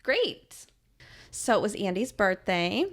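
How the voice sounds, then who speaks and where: A woman's voice: medium pitch, big pitch swings, takes it slowly. A woman in her thirties, co-hosting a book podcast and chatting casually, telling stories with frequent laughs. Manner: chatty storyteller, laughs often. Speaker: podcast co-host. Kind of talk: casual chat.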